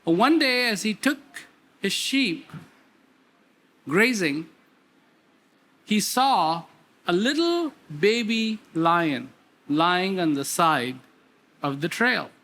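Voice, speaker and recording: A man giving a talk, telling a parable slowly with emphatic repetitions. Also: sits high, sing-song, pushed and bright. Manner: slow, repetitive, emphatic storytelling. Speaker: speaker. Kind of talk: storytelling talk.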